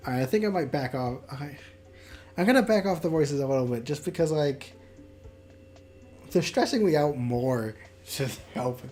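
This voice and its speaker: A streamer talks casually through a visual novel, thinking aloud and joking about their own voices. The tone is chatty and self-deprecating, with mid-range pitch and soft game music under it. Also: expressive, moderate pace, long pauses. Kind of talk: casual let's-play commentary. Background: faint game music.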